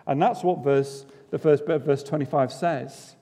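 Preacher with a higher voice in a reverberant hall. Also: male voice, moderate pace, dark tone. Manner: conversational, asks the congregation rhetorical questions; self-deprecating humour. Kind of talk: sermon. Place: church.

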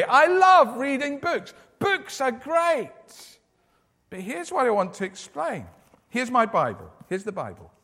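A man giving a lively children's talk in church, asking the children questions as he goes. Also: very high-pitched. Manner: animated, asks children questions. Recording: echoey church hall.

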